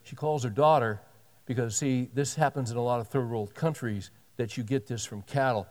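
A man's voice: medium pitch, normal speed, darkish tone, long reverb tail. A male pastor telling a story in a sermon, animatedly acting out the dialogue of the people in it.

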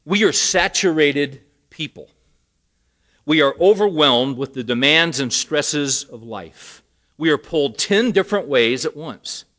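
A man's voice: fairly high pitch, bright, forceful tone. A man preaching a sermon, telling a story with rising emphasis and dry humor. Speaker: pastor.

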